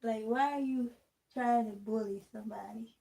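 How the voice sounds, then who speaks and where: A woman's voice: on the high side, steady tone, moderate pace, creaky, dark tone, poor audio. A woman vlogging casually while taking out her braids, candid and rambling, with a distinctive voice that people comment on. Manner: candid, rambling, talks straight to the camera.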